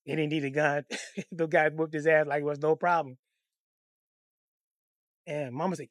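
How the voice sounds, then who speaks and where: A man telling a comic personal story in a profane, animated, conversational way. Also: on the high side, normal speed, no room sound, studio quality.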